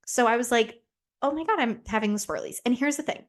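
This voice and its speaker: A woman's voice: a little high, a little fast. A young woman hosting a podcast in casual, candid chat, swearing freely and acting out the voices in her stories. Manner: chatty, candid and profane, acts out quoted voices. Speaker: podcast host.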